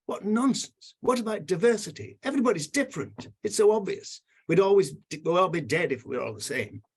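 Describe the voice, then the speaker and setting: A man's voice: sits high, expressive, fairly quick, slightly rough. An older man on a video call giving emotional, indignant remarks with emphatic repetition. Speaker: panel commenter.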